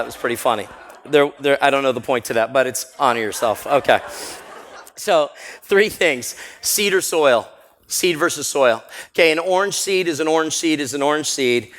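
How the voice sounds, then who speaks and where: An energetic man addresses a seminar crowd, telling stories and laughing often. His pitch sits in the middle of the male range. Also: normal speed, a little hiss or hum. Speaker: motivational speaker. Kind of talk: live seminar talk. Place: seminar room with audience.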